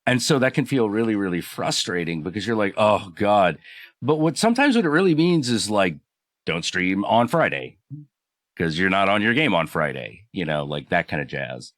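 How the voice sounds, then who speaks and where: A man's voice: on the low side, big pitch swings, normal speed, a bit bright, no echo, clean studio sound. A man guest streamer in casual chat, rambling with many fillers.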